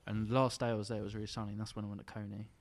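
A man's voice: fairly low pitch, level tone, racing. A young man chatting casually on a podcast, rambling through stories and laughing often. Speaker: podcast host. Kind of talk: casual chat among friends.

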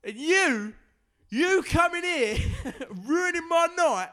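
A man voicing an aggressive, drunken male pub lout who shouts, swears and picks fights in a comic improvised bit. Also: extremely high pitch, animated, takes it slowly, voice pushed up, heavily acted.

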